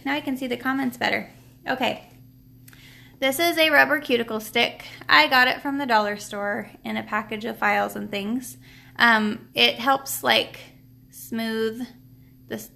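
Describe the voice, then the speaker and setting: This nail product seller speaks in a creaky, sharp voice on the high side while hosting a casual live stream tutorial at her home table. Her talk rambles, with lots of fillers and restarts, and she's a bit short of breath.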